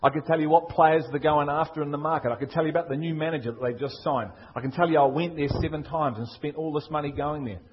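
A man's voice: a little high, steady tone, quick pace, few pauses, highs cut off, slight background noise. A man with a Liverpool accent preaching a sermon, emphatic and full of rhetorical questions. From England. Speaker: pastor.

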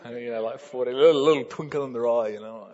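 A man preaching a sermon, telling a story with lively energy and laughter, building up to loud exclamations. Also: mid-range voice, fast talker. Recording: dull lo-fi sound.

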